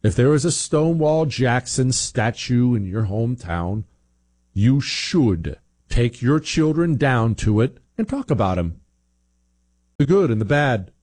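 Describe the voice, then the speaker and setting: A male radio host talks emphatically in short punchy bursts, with a conversational edge. His pitch sits in an everyday middle range. The studio sound is dry and close. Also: sing-song, a little slow, a little mellow, dry recording. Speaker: radio talk show host. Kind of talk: opinionated talk radio monologue and live read ad.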